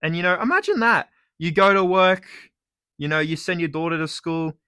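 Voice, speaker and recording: A young man with an Australian accent rants on his own vlog, sarcastic and full of swearing. His voice is bright and forceful and sits a little high. The sound is dry and close. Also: normal speed, clear, resonant tone, no room sound. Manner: profane, sarcastic, animated ranting. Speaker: YouTuber. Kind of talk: casual ranting vlog.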